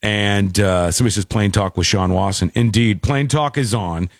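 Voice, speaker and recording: A man hosting a casual talk show, telling a story in an animated way and laughing often. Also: on the low side, normal speed, no echo, clean studio sound. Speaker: podcast host. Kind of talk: casual chat.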